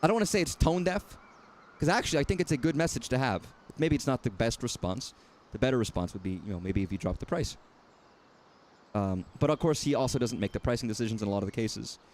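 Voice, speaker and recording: A man's voice: mid-range voice, quick pace, darkish tone, slight background noise. A man casually commenting while playing a game, talking in a rambling, self-correcting, wry way. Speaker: streamer.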